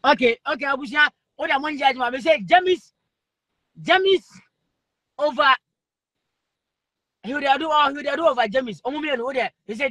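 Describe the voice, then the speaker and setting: A man with a Ghanaian accent hosting a live stream, reading out viewer comments, excitable, laughing often and calling out names over and over. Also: extremely high pitch, normal speed, long pauses, no echo.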